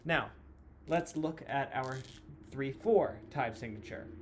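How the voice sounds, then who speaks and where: A man explaining time signatures as a music teacher, patient and clear, counting beats aloud. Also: mid-range voice, takes it slowly, a little hiss or hum. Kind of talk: classroom lesson explanation.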